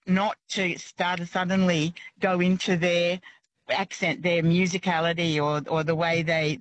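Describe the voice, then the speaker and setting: A woman calling in to a radio show, chatting with many halting restarts. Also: fairly low pitch, dry recording, dull audio. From Australia. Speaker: caller. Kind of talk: casual radio call-in chat.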